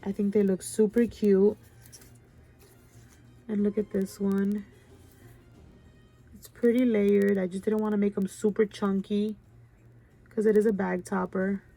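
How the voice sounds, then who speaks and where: A woman's voice: mid-range voice, flat delivery, a little slow, long pauses, dark tone, faint music behind. A woman hosting a craft channel, chatting casually and gushing over her work with a stuffy nose. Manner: gushing, chatty, keeps saying "you guys". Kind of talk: casual show-and-tell chat.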